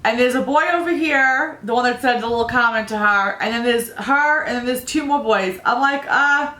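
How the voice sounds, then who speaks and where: A beauty vlogger in her thirties talks through a makeup tutorial, rambling, telling family stories and laughing at her own tales. Her voice is fairly high, pushed and bright, at a moderate pace in an echoey room.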